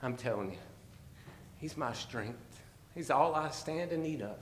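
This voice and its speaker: A man preaching a fervent, emotional sermon, at times teary and laughing softly. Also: medium pitch, lively intonation, unhurried, a little hiss or hum.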